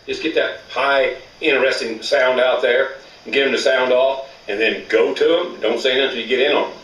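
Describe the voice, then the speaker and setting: A man's voice: medium pitch, fairly even intonation, a little fast, roomy sound, far from the mic, background noise. A man teaching elk calling in a plainspoken, folksy way, with rural grammar. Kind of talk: outdoor hunting instruction.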